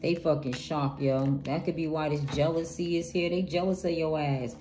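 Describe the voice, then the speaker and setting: Low-voiced, blunt, cussing tarot reader woman. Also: fairly even intonation, moderate pace, dark tone, faint music behind. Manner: blunt, profane, hyped-up and emphatic. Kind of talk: casual tarot reading monologue. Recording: noisy home recording.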